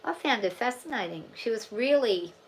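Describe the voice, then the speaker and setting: A woman's voice: a little high, expressive, moderate pace, low-quality recording. A middle-aged woman with an Australian accent, chatting casually and rambling with her viewers on a livestream. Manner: rambling, chatty, thinks aloud with many restarts. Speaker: farm channel vlogger. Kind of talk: casual live chat with viewers.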